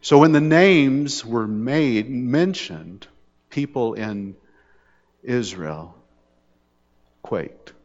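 A man preaching a sermon, talking in an easy conversational way that builds to fervent peaks. His voice sits at a middle pitch. It is heard on a dull, lo-fi recording with a long hall reverb. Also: animated, extremely slow, pauses often, darkish tone. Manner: conversational preaching with jokes, rising intensity on dramatic points. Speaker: pastor.

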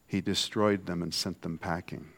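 A man preaching a sermon in a conversational way, swinging from soft, low asides to loud, emphatic lines. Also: steady tone, normal speed, vocal fry.

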